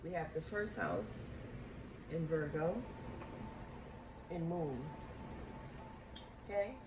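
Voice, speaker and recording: A woman giving a psychic tarot reading, halting and emotional, repeating herself as she talks. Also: low-pitched. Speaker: tarot reader. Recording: echoey room with background noise.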